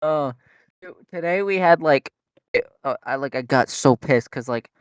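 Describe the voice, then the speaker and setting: A man's voice: fairly high pitch, normal speed, smooth, no echo. A young man, a podcast co-host, telling a rambling story in casual chat, full of fillers and swearing. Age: young adult.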